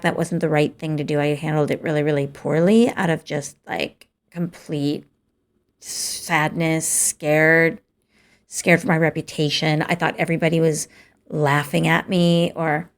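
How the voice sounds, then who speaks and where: A woman's voice: on the low side, vocal fry. A woman host telling a personal story in a candid, confessional way, with frequent hesitant restarts. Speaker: podcast host.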